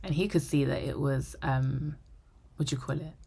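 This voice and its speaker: A young woman vlogger telling a personal story to camera, animated and acting out the dialogue. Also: extremely low pitch, moderate pace, gravelly. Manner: animated, acts out quoted dialogue; drops to a whisper for inner thoughts. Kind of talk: storytime monologue.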